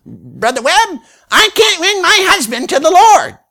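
A man voicing an upset middle-aged churchwoman in a high falsetto. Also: big pitch swings, measured pace, pushed and bright, full character voice. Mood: indignant.

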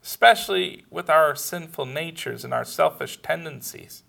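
Man, sermon, bright tone, slightly high pitch, storytelling with laughs. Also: moderate pace, vocal fry. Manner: storytelling with laughs, animated quoted dialogue. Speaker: pastor.

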